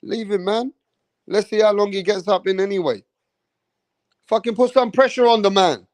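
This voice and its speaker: An English man rants about boxing in an animated, profane, comedic way, swearing constantly and dropping into mocking impressions. His voice sits fairly high for a man, and the recording is dry and close. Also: normal speed, no room sound. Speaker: boxing commentator.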